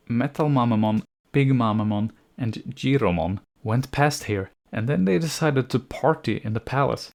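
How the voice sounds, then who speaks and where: A man reads through a scripted review of an animated series at a mid-range pitch. His delivery is sardonic and picky, and he often sounds exasperated at the plot holes. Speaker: anime reviewer.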